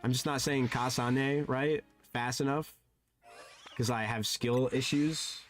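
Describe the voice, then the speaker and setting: A man streaming a game, chatting casually and sounding animated and flustered, his voice jumping high and dropping low. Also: slow pace, faint music behind. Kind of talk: casual live-stream chat.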